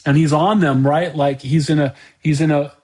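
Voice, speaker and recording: A man hosting a podcast, talking through an unscripted monologue in a halting way, often repeating words and restarting his sentences. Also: on the high side, steady tone, darkish tone. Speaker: podcast host.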